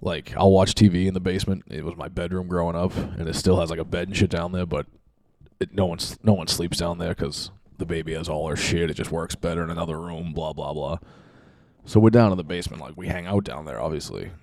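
A man's voice: deep voice, fairly even intonation, fairly quick, darkish tone, no echo, studio quality. A man hosting a podcast, rambling in a casual, profane and self-mocking monologue from his home basement. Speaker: podcast host.

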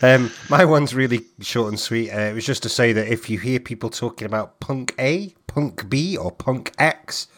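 A man's voice: medium pitch, moderate pace, few pauses, a bit bright. A man hosting a casual podcast, friendly and rambling as he runs the segments. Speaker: podcast host.

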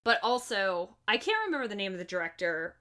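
A woman's voice: medium pitch, very animated, brisk, bright, forceful tone. A woman co-hosting a podcast, breezily recapping a film plot with frequent laughs and swearing. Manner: breezy, profane, laughs often. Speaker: podcast co-host. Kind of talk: casual movie recap chat.

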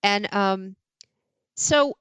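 A middle-aged woman, an author guest in a casual interview, telling candid stories about her marriage with lively, self-mocking asides. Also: medium pitch, very slow, smooth, no echo.

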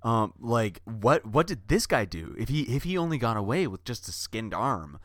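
Comedy co-host, male, low and animated, mock-solemn doomsayer, dry recording. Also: normal speed, no room sound. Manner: grandly doom-laden, mock-serious pronouncements. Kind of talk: deadpan comedy banter.

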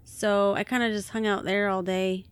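A woman's voice: medium pitch, flat delivery, moderate pace, clear, resonant tone. A woman co-hosting a podcast in a casual chat, talking freely and laughing often. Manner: chatty, laughs often, many likes. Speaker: podcast co-host.

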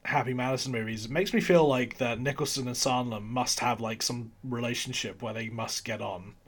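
A man's voice: medium pitch, fairly quick, fairly bright tone, breathy edge. A man co-hosting a casual film podcast, rambling with frequent giggles. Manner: giggly, rambling, laughs between remarks. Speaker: podcast co-host reviewing films. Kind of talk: casual chat.

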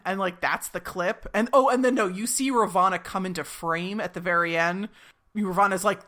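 Bright, chatty woman recapping a show. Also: lowish voice, normal speed. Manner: chatty, retells scenes in playful quoted voices. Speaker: podcast co-host recapping a TV episode. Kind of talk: casual recap chat.

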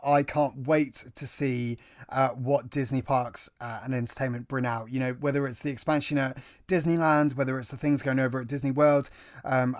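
A man's voice: medium pitch, no echo, clean studio sound. A man co-hosting a podcast, talking with eager enthusiasm in casual chat. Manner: enthusiastic, talkative. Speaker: podcast co-host.

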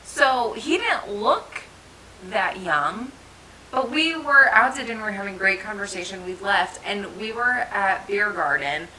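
A woman's voice: mid-range voice, expressive, measured pace, bright, forceful tone, a little hiss or hum, low-quality recording. A woman in her thirties from New Jersey, chatting and telling stories on a podcast, laughing often. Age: 30s. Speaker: podcast co-host. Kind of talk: casual chat.

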